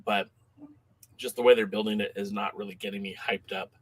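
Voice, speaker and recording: A man co-hosting a wrestling podcast in casual chat, animated and quick to laugh, reading out listener comments. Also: on the low side, breathy edge. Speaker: podcast co-host.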